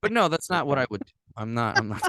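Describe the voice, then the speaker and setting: Male podcast host from Puerto Rico, animated storyteller, salty language, mid-pitched, dry sound. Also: quick pace, no room sound. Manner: animated storyteller, swears a lot, acts out quotes. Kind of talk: casual podcast chat.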